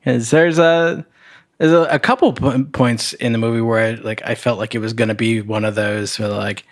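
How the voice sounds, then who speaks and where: A man co-hosting a podcast, chatting casually about a movie in a halting way with many fillers. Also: on the low side, vocal fry. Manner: hesitant, halting, lots of fillers. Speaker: podcast co-host.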